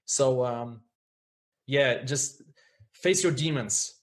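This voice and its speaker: A man with a mid-range voice talks earnestly and reflectively as a podcast guest. He often checks in with a quick "right?" as he speaks. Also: medium pitch. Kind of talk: candid podcast conversation.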